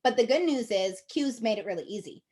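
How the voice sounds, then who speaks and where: A woman with a slightly high voice coaches her sales team in a chatty, upbeat way. She keeps checking in with her listeners as she talks, and she sounds encouraging throughout. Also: animated, fairly quick, darkish tone. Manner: chatty, checks in with frequent "okay?" and "right?". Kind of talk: casual coaching talk to a team.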